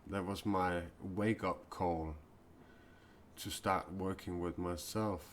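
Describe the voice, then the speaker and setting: A man speaking as a self-described mystic in an improvised live-stream talk, earnest and confessional, often pausing and restarting his sentences. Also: sits low, fairly even intonation, slight background noise.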